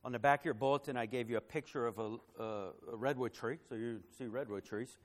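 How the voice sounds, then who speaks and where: A man delivers a sermon from the pulpit in a mid-range voice. He climbs in pitch and volume to stress his points, then sinks low and quiet. In the personal parts he stumbles over repeated words and fillers. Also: steady tone, fast talker. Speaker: pastor.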